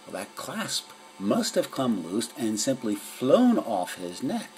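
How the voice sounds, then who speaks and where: A man's voice: mid-range voice, huge pitch swings, slow pace, darkish tone, a little hiss or hum, voice pushed up, rough recording. A man voicing a grand, serene female cat detective in a storybook reading, speaking in a stately, self-assured way. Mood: explaining.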